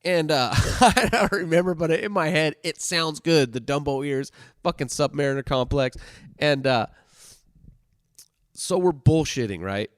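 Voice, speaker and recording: Profane animated male storyteller. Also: on the high side, unhurried, no room sound, studio quality. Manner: profane, animated, swings from loud to hushed. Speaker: podcast host telling stories. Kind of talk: casual storytelling monologue.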